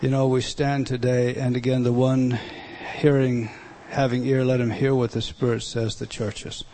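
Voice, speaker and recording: A man preaching a sermon, emphatic, with loud bursts, quiet asides and many rhetorical questions. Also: medium pitch, little pitch movement, moderate pace, a little hiss or hum.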